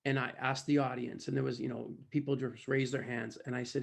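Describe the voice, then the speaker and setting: A man who trains salespeople, giving an animated storytelling talk and acting out the dialogue of the people in his anecdotes. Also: mid-range voice, brisk, gravelly, few pauses, husky. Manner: animated, acts out dialogue, addresses listeners directly.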